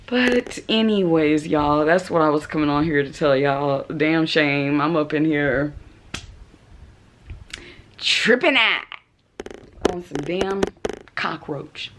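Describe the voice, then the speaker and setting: A woman in her forties from Texas speaks in a low voice, slowly and with long pauses, while vlogging at home in her apartment. Her storytelling is animated, punctuated by laughter and shrieking reenactments.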